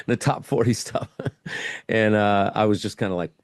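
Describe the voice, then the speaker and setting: A man's voice: fairly low pitch, slow, no echo, studio quality. A middle-aged man, a guest in an interview, telling a casual story and acting out his own thoughts as he goes.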